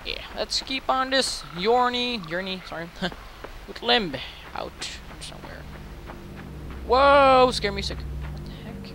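A man playing through a game on a headset mic, his voice bright and jumping all over the place. He talks slowly between outbursts, then swears and shrieks at every scare. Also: very high-pitched, gravelly, slight background noise. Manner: excitable, swearing, sudden yelps and shrieks. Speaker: let's play gamer. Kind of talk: gaming commentary. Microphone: gaming headset.

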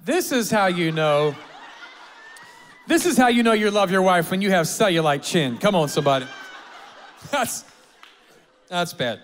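A male pastor with a high voice preaches an energetic, joking sermon in a church auditorium. He calls out to the congregation and gets them to clap and repeat after him. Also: measured pace, pauses often. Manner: energetic, humorous, rallies the congregation.

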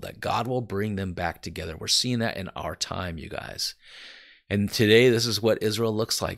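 A man's voice: lowish voice, vocal fry, a bit bright. An American man teaching from the Bible in an earnest, emphatic way, speaking straight to his viewers. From United States.

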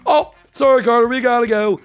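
A man voicing an excitable, whiny young Koopa prince in a Minecraft role-play, shouting a lot. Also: very high voice, fairly quick, clear, resonant tone, soft background music, voice pushed up. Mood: excited.

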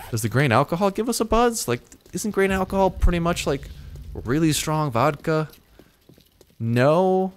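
A man talking over his own gameplay as a video host, loose and rambling with plenty of swearing. When something surprises him, his voice shoots up into high yelps before settling back down to his plain middle register. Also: slight background noise. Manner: excitable, swears, jumps into high-pitched yelps when startled. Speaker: gaming YouTuber. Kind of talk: let's-play commentary.

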